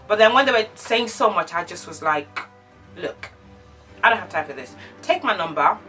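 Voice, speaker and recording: A woman vlogger telling an animated storytime, acting out the dialogue. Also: on the low side, normal speed, far from the mic, faint music behind. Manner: animated, acts out quoted dialogue. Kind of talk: casual storytime chat.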